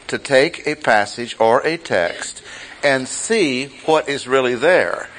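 A man teaching a Bible study class, speaking deliberately and repeating key phrases for emphasis. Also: medium pitch, fairly bright tone, a little hiss or hum, rough recording.

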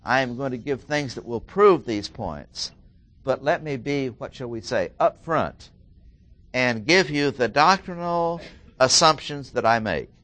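A middle-aged man teaching through a Bible passage, deliberately repeating key phrases and stressing single words. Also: mid-range voice, lively intonation, fairly bright tone, dry recording. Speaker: preacher.

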